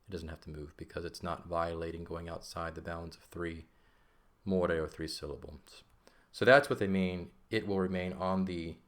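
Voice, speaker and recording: A man teaching from a textbook in a patient, step-by-step way, often pausing to check in with "okay?" and "right?". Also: low voice. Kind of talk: classroom explanation of a textbook.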